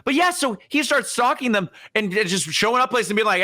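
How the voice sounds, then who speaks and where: A man's voice: sits high, animated, fast talker, few pauses, sharp tone. A young man co-hosting a podcast, telling a comic history story casually and slipping into exaggerated quoted voices. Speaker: podcast co-host.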